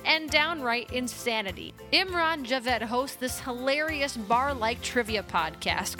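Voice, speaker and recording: A woman hosting a podcast, calmly reading a scripted promo spot. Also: a little high. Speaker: podcast host.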